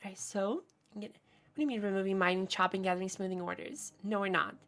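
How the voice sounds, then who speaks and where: A woman's voice: medium pitch, quick pace, fairly bright tone. A woman streaming a game, casually chatting and playfully teasing her viewers, often breaking into giggles. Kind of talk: casual live-stream chat.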